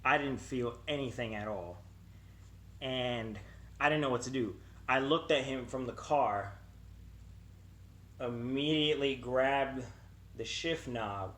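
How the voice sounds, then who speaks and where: A man's voice: mid-range voice, slow. Young man telling a wild story. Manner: animated, swearing, acts out quotes. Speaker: vlogger. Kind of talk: casual storytelling.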